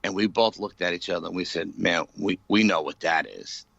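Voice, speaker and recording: A man being interviewed as a paranormal investigator, retelling an eerie night in an animated, dramatic way full of "you know". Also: sits low, fairly quick, creaky, husky, muffled recording. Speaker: paranormal investigator, podcast guest. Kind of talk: storytelling in a casual interview.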